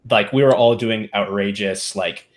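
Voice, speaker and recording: A man in casual chat, musing aloud in an unhurried way. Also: fairly low pitch.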